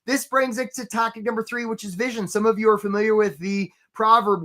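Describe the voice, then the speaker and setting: A man's voice: high voice, steady tone, brisk, a bit bright. A man hosting a live career webinar, talking energetically, tossing in "right?" and greeting viewers from the chat. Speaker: career coach and webinar host.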